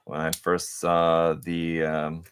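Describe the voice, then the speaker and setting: A man with a deep, low voice hosts a casual live stream and talks while he builds a model kit. His speech wanders, full of fillers, restarts and side comments. Every so often he drops into mumbling to himself over his hands. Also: monotone, takes it slowly, slight background noise. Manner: rambling and hesitant, many fillers and restarts; mutters to himself while working. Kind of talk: casual live-stream chat, answering viewer questions.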